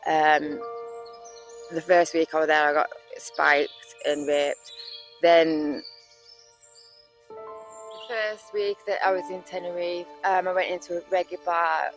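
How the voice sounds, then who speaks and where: A woman with a Yorkshire accent from West Yorkshire, telling her own life story candidly, halting with fillers and restarts, and swearing bluntly. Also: on the low side, little pitch movement, soft background music, rough recording. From West Yorkshire, England. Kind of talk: candid personal testimony.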